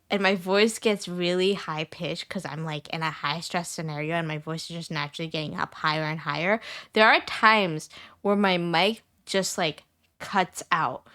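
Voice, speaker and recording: A young woman streamer chatting casually with her viewers. She has a high-pitched voice that turns squeaky at times, rambles, and repeats herself with plenty of fillers. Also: pushed and bright.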